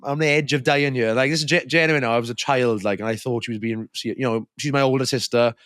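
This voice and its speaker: A young man in his twenties with a mid-range voice talks quickly, co-hosting a podcast and telling a story in casual chat. He's an animated storyteller who acts out the voices of the people in his tale. The recording is studio quality with no room sound.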